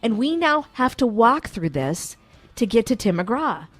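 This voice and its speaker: A woman co-hosting a radio show, telling a lively story in casual chat and acting out the quotes. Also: a little high, measured pace. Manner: animated storyteller, acts out quotes.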